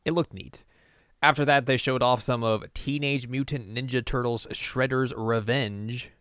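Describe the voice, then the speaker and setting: A man's voice: mid-range voice, steady tone, unhurried, a bit bright, clean tone, dry recording. A man co-hosting a podcast in casual chat, laid-back and chatty, with dry asides and chuckles. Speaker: podcast co-host.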